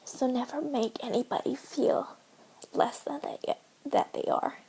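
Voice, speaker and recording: A woman in her twenties vlogging to camera in an earnest, emotional way, speaking haltingly and often dropping to a whisper. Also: sits high, fairly even intonation, warm tone, husky, low-quality recording. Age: 20s. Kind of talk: personal vlog, talking to camera.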